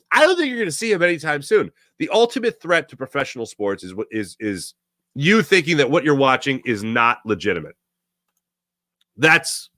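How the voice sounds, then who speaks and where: A man's voice: fairly high pitch, a bit bright, dry recording. A man hosting a sports talk show, rambling in a casual monologue and laughing often.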